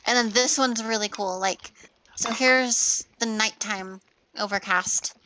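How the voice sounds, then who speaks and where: A woman explains her fan game on a casual voice call, chatty and full of fillers. Her voice is bright and crisp, with a faint hiss behind it. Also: a little high, slow, rough recording.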